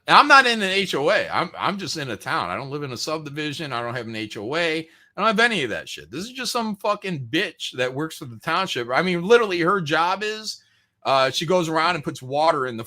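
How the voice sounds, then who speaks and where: A man rants on a podcast, swearing freely and mimicking the people he complains about. His voice sits a bit high and bright, with a sharp edge, and his pitch swings widely from line to line. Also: very animated, a little fast. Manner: profane, ranting, mocking voices. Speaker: podcast host. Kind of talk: casual rant on a podcast.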